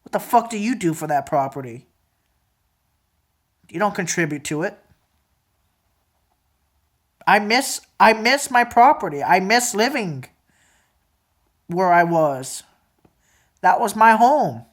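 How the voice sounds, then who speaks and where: A woman's voice: sing-song, takes it slowly, pauses often. Angry young woman ranting, swearing. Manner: repeats phrases, drops to a low mutter at times. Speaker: vlogger. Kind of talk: emotional venting monologue.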